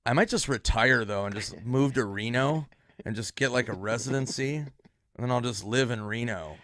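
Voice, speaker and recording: A comedian telling a relaxed, casual story and acting out the voices of the people he quotes. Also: mid-range voice, moderate pace, no room sound, clean studio sound. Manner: laid-back, acts out quoted voices. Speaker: comedian guest.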